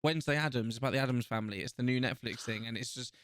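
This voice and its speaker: A man's voice: mid-range voice, very fast, a bit bright, smooth, dry recording, studio quality. A man co-hosting a casual chat, blunt and teasing, swearing a lot. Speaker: co-host.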